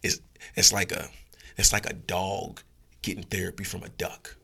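A man giving blunt, profane, animated opinions as a guest in a casual podcast chat. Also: deep voice, moderate pace, vocal fry, slightly rough.

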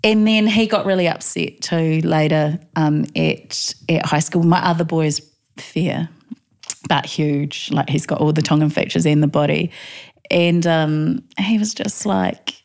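A middle-aged woman from New Zealand, with a low voice and a Kiwi accent, speaks unhurriedly in a casual interview. She candidly shares personal stories, laughs often, and acts out quotes with animation.

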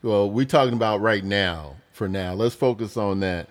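A man's voice: on the low side, moderate pace. A middle-aged man co-hosting a casual sports podcast with his son, blunt and dismissive in argument, with a teasing edge. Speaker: podcast co-host, father.

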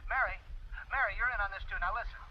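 A man playing a boastful young tycoon, high voice, pushy, muffled old film sound, light hiss. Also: natural voice. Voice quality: fast-talking, pushy. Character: brash rich young businessman, pushy and boastful. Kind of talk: 1940s film acting.

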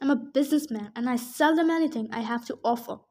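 A smug, greedy three-bodied monster rancher, as a woman reading a storybook aloud puts him on, all smooth sales patter and dismissive asides. The voice sits high in pitch. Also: quick pace, a little mellow, lightly acted.

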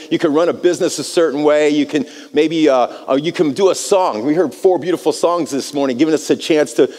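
American man, pastor, sermon storytelling, fairly high voice, long reverb of a church hall. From United States. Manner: animated storytelling, repeats words when starting phrases.

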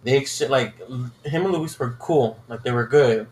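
A man's voice: medium pitch, normal speed, a little mellow, echoey room, a little hiss or hum. A man co-hosting a podcast, telling profane, rambling stories in casual chat. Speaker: podcast co-host.

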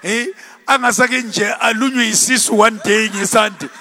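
A man preaching a sermon, animated, shouting and laughing with the congregation. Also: high-pitched, normal speed. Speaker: pastor. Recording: long hall reverb.

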